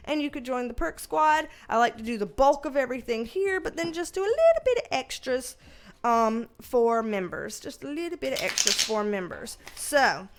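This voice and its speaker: A woman's voice: sits high, big pitch swings, moderate pace, a little hiss or hum. A young adult woman hosting her tarot channel, talking loosely to camera in a rambling, self-correcting way. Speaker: tarot reader and channel host. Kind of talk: casual direct-to-camera vlog talk.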